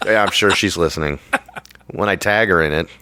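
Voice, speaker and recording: A man's voice: low voice, moderate pace, sharp tone, slight background noise. A man co-hosting a podcast, chatting casually in a rambling, jokey way. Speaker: podcast co-host. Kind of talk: casual chat.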